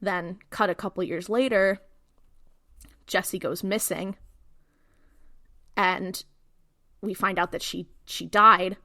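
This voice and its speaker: A woman co-hosting a podcast, recapping a TV episode in a casual, animated way and acting out the characters' lines. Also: medium pitch, slow, long pauses, no room sound, clean studio sound. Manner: animated retelling, acts out quotes. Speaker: podcast co-host.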